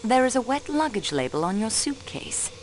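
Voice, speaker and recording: A woman's voice: fairly high pitch, big pitch swings, moderate pace, a little hiss or hum. A young woman voicing a poised, persistent amateur detective in a mystery game, dropping in French phrases. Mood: probing. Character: sharp young female sleuth, cool and persistent. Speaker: railway clerk acting as detective. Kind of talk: video game voice acting.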